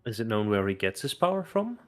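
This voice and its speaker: Lower-voiced man questioning in character. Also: sing-song, quick pace, faint music behind. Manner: inquisitive, direct. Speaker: player. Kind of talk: in-character tabletop play.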